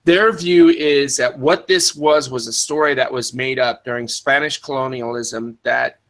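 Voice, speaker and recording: A man's voice: medium pitch, fairly even intonation, a little slow, a bit bright, poor audio. A man hosting a podcast in casual talk, rambling with many restarts and fillers, and stopping to answer the live chat. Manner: answers live chat, spells words in the phonetic alphabet. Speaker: podcast host.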